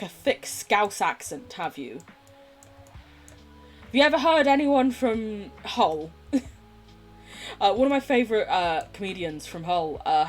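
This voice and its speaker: A woman from England with a posh English accent, chatting casually while playing a game on stream, giggly and sweary. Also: mid-range voice. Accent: posh southern English. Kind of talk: casual live-stream chat while gaming.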